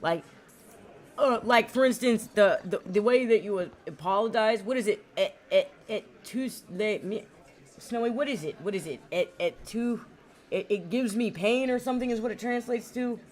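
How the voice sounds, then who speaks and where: A woman's voice: a little high, normal speed. A woman streamer chatting casually and profanely with her viewers while gaming, rambling and laughing.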